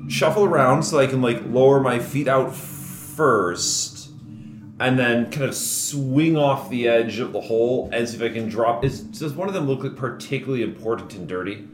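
A man's voice: mid-range voice, normal speed. A man playing a tabletop game, planning his move aloud with hesitant fillers. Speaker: player. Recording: echoey room with background noise.

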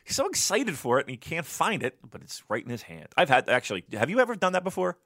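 Animated, swearing man with a bright voice. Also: quick pace, no echo, studio quality. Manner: animated, swears a lot, mimics his wife in a high voice. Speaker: podcast co-host. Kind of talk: casual chat, profane storytelling.

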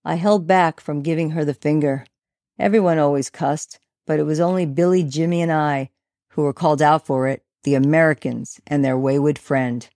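A woman's voice: low-pitched, normal speed, gravelly, warm tone, dry recording, clean studio sound. A woman narrating a first-person story in a wry, conversational way. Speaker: audiobook narrator.

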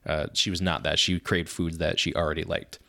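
A man with a low, deep speaking voice, chatting casually on a podcast. He tells stories with energy and often breaks into laughter at his own tales. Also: little pitch movement, a little fast, pushed and bright. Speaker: podcast co-host and father. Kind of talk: casual chat.

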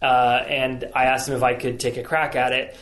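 A man's voice: mid-range voice, level tone, normal speed, fairly bright tone. A man being interviewed about writing his film, talking casually with many restarts and fillers. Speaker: filmmaker guest.

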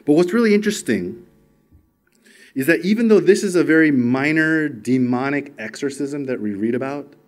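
A man preaching a sermon earnestly and emphatically, often dropping to a soft near-whisper. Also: a little high, animated, normal speed.

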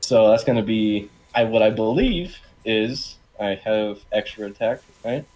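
A man's voice: lowish voice, unhurried, a little mellow, poor audio. Crude, rambling man playing a tabletop game. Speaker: player. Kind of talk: casual tabletop game chat.

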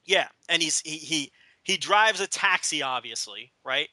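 A man's voice: fairly high pitch, expressive, unhurried, bright, forceful tone, no room sound. A man co-hosting a podcast, chatting casually and rambling, with lots of stammered restarts and mocking asides. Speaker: podcast co-host.

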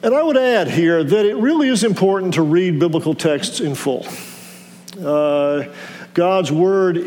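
Male pastor, high voice, measured sermon delivery with small restarts, long church-hall reverb. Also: darkish tone. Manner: measured preaching with halting restarts.

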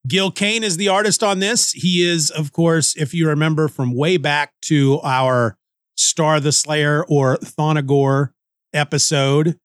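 A man hosts a casual comic book review, rambling and cracking jokes as he thinks aloud. His voice sits a little high. The recording is dry and close, with no room sound. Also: steady tone, a little slow, smooth, dry recording. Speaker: podcast host.

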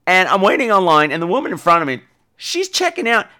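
A man's voice: high voice, wildly swooping pitch, fast talker, sharp tone. A man hosting a podcast and telling a comic story in a campy, theatrical way while grieving. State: grieving, dazed. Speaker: podcast host.

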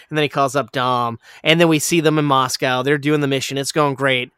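A man casually retelling a movie plot in a rambling, profane way, with lots of fillers and quick laughs. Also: mid-range voice, steady tone, a bit bright, smooth, no echo, studio quality.

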